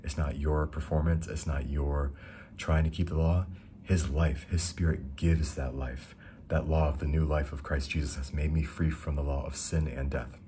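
A young man giving a casual, rambling devotional talk, reading verses slowly and enthusing between them. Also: rumbling low, level tone, mellow, a little hiss or hum. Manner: reads scripture slowly. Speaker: Christian speaker.

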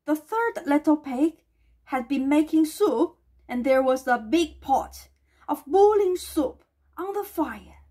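A woman reading a children's storybook aloud in a gentle way, with small slips and restarts. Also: high voice, animated, takes it slowly.

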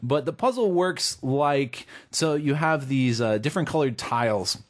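A man's voice: mid-range voice, expressive, measured pace. Rambling male podcast co-host. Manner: rambling, self-correcting explanations. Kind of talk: casual chat reviewing games.

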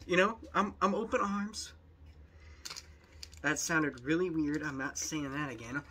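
A man's voice: fairly high pitch, unhurried, pushed and bright, a little hiss or hum. A young man commenting on videos in a jokey, rambling, exasperated way. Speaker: youtube commentator. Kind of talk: reaction commentary.

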